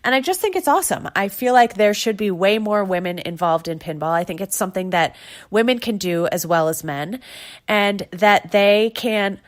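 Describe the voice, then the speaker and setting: A woman's voice: mid-range voice, moderate pace. A woman in her thirties from New York hosting her own podcast, chatting and gushing as she retells stories. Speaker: podcast host. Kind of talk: casual solo podcast chat.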